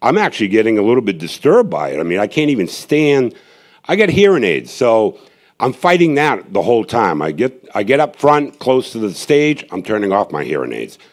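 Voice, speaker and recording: Man giving testimony, low-pitched, lively and emphatic, rambling storyteller with lots of asides. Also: normal speed. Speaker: street evangelist giving testimony. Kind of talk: testimony to a gathering.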